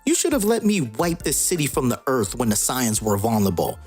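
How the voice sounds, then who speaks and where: A man reading an arrogant sorcerer tyrant, husky. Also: medium pitch, very animated, a little fast, a little mellow, soft background music. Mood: cold. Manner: read aloud from a comic.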